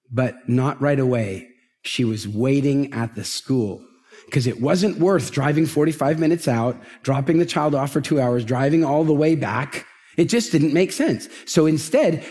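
Middle-aged guy doing a stage talk, voice sits kinda high and jumps all over, lots of questions at the crowd. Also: husky. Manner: animated storytelling, asks the audience questions. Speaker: motivational speaker. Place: large event stage with an audience.

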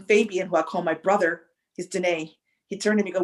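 A woman speaking as a podcast guest, recounting a personal experience. She is reflective and emotional, and she stops and restarts as she searches for the right words. Her pitch sits in the middle of the range. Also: a little fast. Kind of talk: personal storytelling in conversation.

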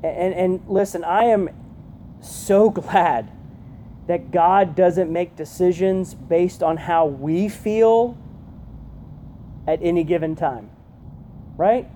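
A woman giving a conversational youth sermon, often checking in with her listeners with a quick "right?". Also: fairly low pitch, dark tone, a little hiss or hum. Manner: chatty, keeps asking "right?". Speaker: youth pastor.

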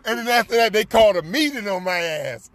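A man telling a story in casual chat, animated and profane, laughing often and repeating lines for emphasis. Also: high voice, brisk.

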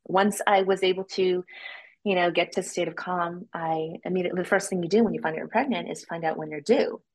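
Lower-voiced woman telling a personal story. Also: fast talker, low-quality recording. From United States. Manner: animated, acts out quoted voices with sudden jumps in pitch. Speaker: podcast guest. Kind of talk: casual interview storytelling.

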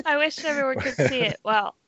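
Bright, lively woman, teasing. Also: high voice, dry recording, muffled recording. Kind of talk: casual chat.

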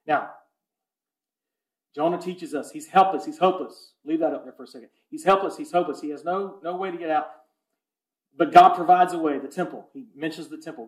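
A man preaching a sermon as pastor, swinging between hushed, intimate lines and loud, impassioned ones. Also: fairly high pitch, reverberant. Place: church sanctuary.

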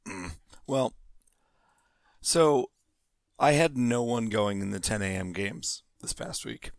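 A man's voice: lowish voice, animated, slow, no echo. Dry-voiced sarcastic male co-host. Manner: sarcastic, teasing. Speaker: podcast co-host. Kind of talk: casual chat.

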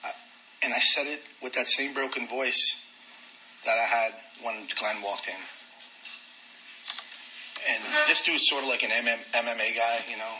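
A man sharing his recovery story in a frank, lively way, with self-deprecating humor. His voice is very bright and sharp-edged, sitting at an ordinary middle pitch. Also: normal speed, long pauses, slight background noise, poor audio. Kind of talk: personal testimony talk.

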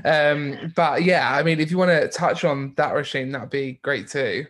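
A man hosting a podcast, asking questions in casual chat, upbeat and quick to laugh. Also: a little high, fairly bright tone. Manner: upbeat, laughs often, fillers like "um". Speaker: podcast host.

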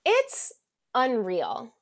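Animated woman telling stories. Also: on the high side, extremely slow. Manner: animated storyteller, acts out quotes. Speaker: Broadway performer, guest. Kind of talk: casual podcast interview.

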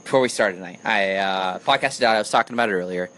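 Male podcast co-host, lower voice, dry teasing humor, faint hiss behind. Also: fast talker, fairly bright tone. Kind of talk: casual chat.

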